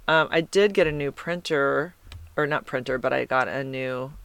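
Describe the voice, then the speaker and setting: A woman's voice: a bass voice, normal speed, gravelly, fairly bright tone, clean tone, no room sound. A woman hosting a podcast, reading listener comments in a rambling, chatty way and correcting herself as she goes. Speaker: podcast host.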